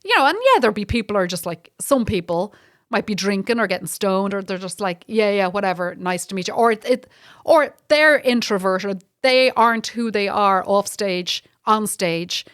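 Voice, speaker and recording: A woman comedian with an Irish accent, chatting as a guest in an animated, storytelling way. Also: mid-range voice, moderate pace, dry recording, clean studio sound. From Ireland. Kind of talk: casual chat.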